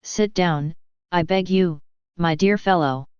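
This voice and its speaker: A woman's voice: on the low side, slow, a little mellow, smooth, no room sound. A woman reading the lines of a cheerful, affectionate elderly male postmaster in an audiobook, with a hearty, coaxing manner. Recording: dull lo-fi.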